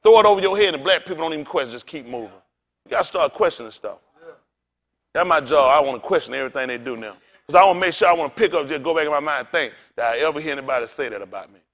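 A man's voice: fairly high pitch, expressive, very fast, fairly bright tone. A male pastor preaching a rowdy, colloquial sermon, calling out to his congregation for responses.

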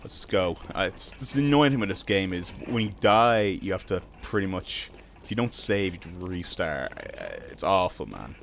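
A young Irish man streaming a video game, chatting casually with his viewers between drawn-out ums. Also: sits low, very animated, creaky, a bit bright, a little hiss or hum. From Ireland. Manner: laid-back, drawn-out ums, greets chat. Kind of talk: casual live-stream chat while gaming.

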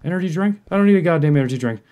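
A man hosting a horror game playthrough, talking to himself in jumpy, profane commentary that swings from muttering to yelling. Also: fairly high pitch, lively intonation, very fast. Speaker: gaming video host.

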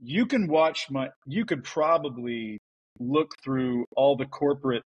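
A man who works as a voice actor, telling stories in a casual podcast interview, animated and full of restarts. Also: medium pitch, unhurried, husky, lo-fi sound. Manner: chatty storyteller, animated with restarts. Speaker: voice actor guest.

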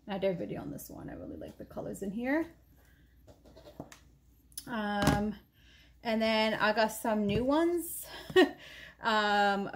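In a voice on the higher side, with slight background noise, a woman casually chats while showing her makeup. The beauty vlogger rambles and often stops to correct herself mid-sentence.

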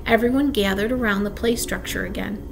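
A woman reading a children's chapter book aloud, gently, with small asides and slips. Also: medium pitch, fairly even intonation, a little fast, creaky, noisy background. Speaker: storybook reader.

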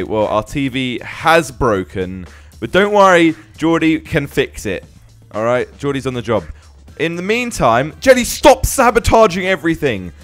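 A young man hosts a gaming video in a casual, joking way, laughing often and calling out to the characters on screen. His pitch is average but swings widely. Soft music plays quietly underneath. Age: young adult. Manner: laughing, animated, exclaims at the screen. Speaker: gaming channel host. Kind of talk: casual game commentary.

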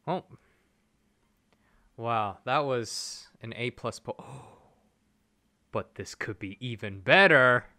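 A man casually commentating a mobile game stream, excitable and rambling as he thinks aloud. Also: mid-range voice, slow pace, long pauses.

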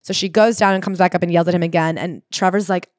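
A woman's voice: lowish voice, fairly even intonation, fast talker, no room sound, clean studio sound. A woman co-hosting a casual book-club podcast, animatedly retelling a memoir with swearing. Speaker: podcast co-host.

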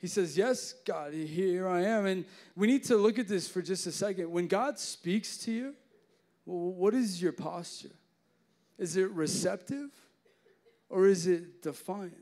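A man's voice: high voice, unhurried. A young man preaching a youth sermon, telling jokes and stories with lots of casual fillers. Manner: joking, animated storytelling with many fillers. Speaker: youth pastor.

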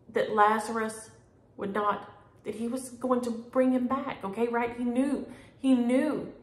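A middle-aged woman, chatting homey and warmly to her viewers about stitching and mail. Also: a little high. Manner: homey, chatty, uses y'all. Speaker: flosstube host. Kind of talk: casual chat to camera. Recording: echoey room.

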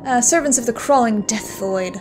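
Cryptic agent of doom, male, speaking in riddling pronouncements, as a woman voices him in a high, bright register for a game. Every line sounds like a prophecy of the end. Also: normal speed, over music, natural voice. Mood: ominous.

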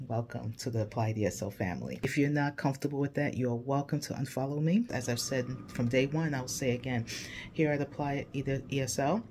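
An earnest man speaks directly to his followers in a heartfelt vlog, emotional and emphatic as he makes his points. He is an English teacher from the United States with a voice of ordinary middle pitch. A faint hum of noise sits behind him. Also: brisk, few pauses, a little mellow. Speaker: English teacher and channel host. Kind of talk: heartfelt direct-to-camera message to viewers.

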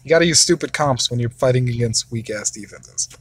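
A father giving gameplay commentary, excitable, wailing and shouting whenever a battle goes badly. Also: mid-range voice, fairly quick, slight background noise. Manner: excitable, wails and shouts over losses. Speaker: father, mobile gamer.

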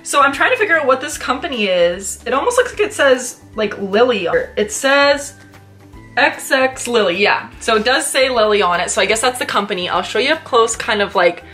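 A woman's voice: fairly high pitch, expressive, normal speed, a bit bright, soft background music. A Canadian woman co-hosting a casual unboxing vlog, effusive and chatty, full of "like" and "oh my gosh". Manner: effusive, chatty, many fillers. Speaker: channel co-host.

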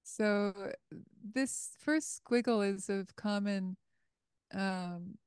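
A woman's voice: on the low side, a little mellow, clear, resonant tone, no room sound, clean studio sound. A woman teaching a meditation class over a video call, patiently explaining things step by step.

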